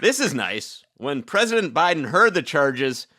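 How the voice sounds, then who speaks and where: A man co-hosting a comedy podcast, reading topical joke headlines and riffing with quick wordplay. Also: a little high, big pitch swings, bright, forceful tone. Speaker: podcast co-host.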